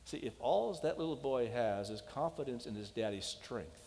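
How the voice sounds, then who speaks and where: A man's voice: medium pitch, expressive, normal speed, a little mellow. A man preaching a sermon as a pastor, talking in an emphatic, questioning way and telling stories. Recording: long hall reverb.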